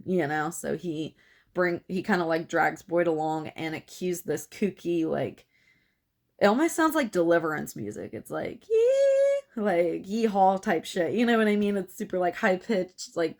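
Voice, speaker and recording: Chatty young woman recapping a film. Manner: chatty, many fillers, acts out quotes in shrill voices. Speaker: film reviewer.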